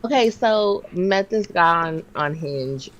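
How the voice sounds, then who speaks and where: A woman in her thirties co-hosting a podcast, telling a story in casual chat and jumping her pitch to act out what others said. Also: slow pace, dull audio. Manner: animated, acts out quotes with big pitch jumps. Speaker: podcast co-host.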